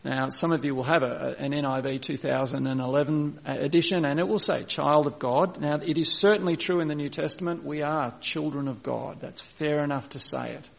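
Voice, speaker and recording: A man delivers a sermon from the pulpit, his voice gravelly and pitched a little higher than most men's. He slows right down to read scripture, then explains it in a conversational way, restarting his phrases as he goes. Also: fairly even intonation. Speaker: pastor.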